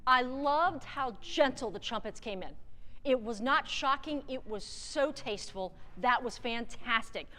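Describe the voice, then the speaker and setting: A woman's voice: sits high, lively intonation, a little slow, pushed and bright. Encouraging woman conducting a band rehearsal. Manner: encouraging, direct, sings phrases to demonstrate. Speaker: guest conductor. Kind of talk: wind band rehearsal clinic. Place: large theatre stage. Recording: long hall reverb from a theatre.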